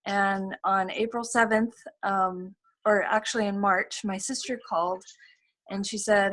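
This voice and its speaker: A woman's voice: medium pitch, steady tone, unhurried, a bit bright. A middle-aged woman sharing a personal testimony over a video call, earnest and full of fillers and repeated phrases. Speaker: testimonial speaker.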